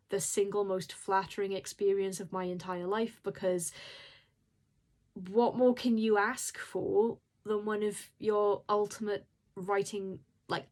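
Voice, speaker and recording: A woman's voice: medium pitch, a little mellow. A woman who is an indie horror author, talking casually to camera in an emotional, rambling and apologetic way. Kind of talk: casual vlog talk.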